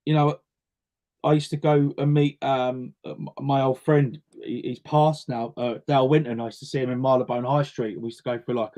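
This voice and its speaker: Answering interview questions casually, a chatty singer and actor from North West London slips into a storytelling manner. His pitch is middling for a man, and he tends to repeat a word or two while working out what to say.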